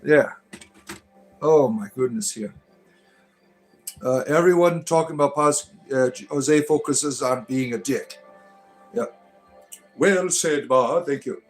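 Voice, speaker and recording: A man's voice: mid-range voice, measured pace, pauses often, faint music behind. A middle-aged man hosting a casual livestream, answering chat with irreverent jokes and mock-preachy asides.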